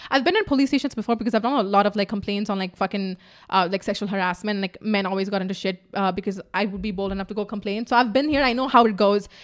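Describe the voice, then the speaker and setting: A woman hosting a vlog, telling a story casually to her viewers with a friend, animated and swearing freely. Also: medium pitch, fast. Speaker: vlog host.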